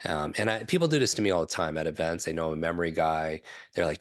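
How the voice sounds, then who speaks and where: A middle-aged man, a podcast guest, telling a personal story in an animated way, acting out what others said and often asking "right?". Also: sits low, fast talker, dry recording, clean studio sound. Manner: animated storyteller, acts out quoted voices, frequent "right?". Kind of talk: storytelling in a conversational interview.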